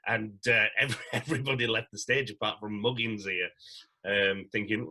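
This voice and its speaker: Actor, middle-aged, bright lively anecdote teller on a podcast. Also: male voice, fairly low pitch, a little fast, slightly rough, rough recording. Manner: animated storyteller, acts out quotes. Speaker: guest, stage actor. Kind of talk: casual anecdote-telling.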